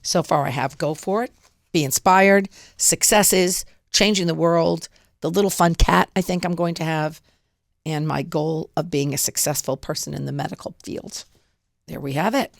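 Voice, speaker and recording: A woman's voice: on the low side, no echo, studio quality. A woman podcast host giving an upbeat, motivational how-to talk, acting out examples as she explains. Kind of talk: casual instructional talk.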